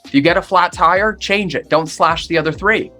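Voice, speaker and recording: A man's voice: on the high side, moderate pace, bright, forceful tone, faint music behind. A man talking as a podcast guest, with an emphatic, punchy way of speaking that repeats phrases for effect. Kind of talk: motivational interview talk.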